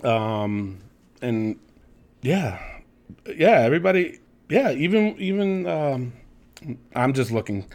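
Man, podcast co-host, medium pitch, lively intonation, rambling, many fillers. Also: slow, long pauses. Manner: rambling, full of fillers, casual swearing. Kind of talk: casual wrestling chat.

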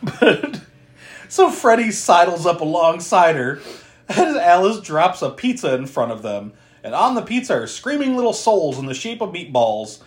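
A man's voice: high voice, very animated, moderate pace. A man co-hosting a podcast, casually retelling a horror film's plot with frequent laughter and swearing. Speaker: podcast co-host recapping a film.

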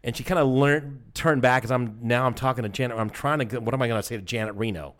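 A man's voice: medium pitch, fast talker, fairly bright tone. A man co-hosting a podcast, rambling through a dream story in casual chat. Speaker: podcast co-host.

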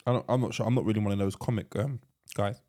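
A man's voice: fairly low pitch, fast. A man co-hosting a podcast, casually retelling a film scene in a rambling, laughing way. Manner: rambling storyteller, animated and laughing. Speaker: podcast co-host. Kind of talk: casual chat.

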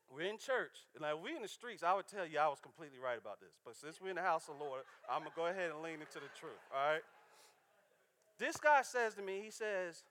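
Brief: male preacher, conversational and chatty, voice a bit on the high side, telling stories in church. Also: a bit bright. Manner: casual, chatty, checks in with the congregation.

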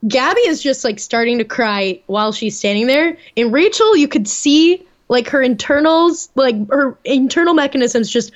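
A woman's voice: high-pitched, lively intonation, moderate pace, hardly any pauses. A young woman co-hosting a casual chat, animatedly recapping and acting out quotes, with some swearing. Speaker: podcast co-host. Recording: dull lo-fi sound.

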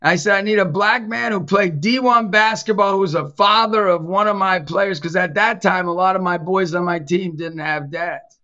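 This middle-aged youth basketball coach and Catholic evangelist shares stories in casual podcast conversation, bringing them to life by voicing the people involved. His high voice runs at normal speed, with the highs cut off in the recording.

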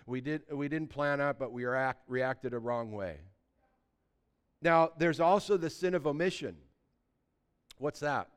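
A man's voice: medium pitch, clean tone. A male pastor preaching a sermon in a conversational way, acting out little everyday dialogues.

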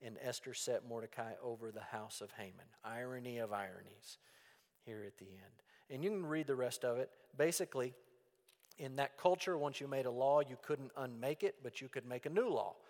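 A pastor giving a folksy, animated sermon. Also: male voice, medium pitch, moderate pace. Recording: long reverb in a church hall.

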